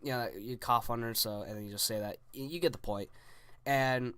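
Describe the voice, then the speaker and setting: A man's voice: medium pitch, a little fast, fairly bright tone, clean tone, dry recording. A young man in his teens casually telling a story, rambling with lots of "like" and restarts.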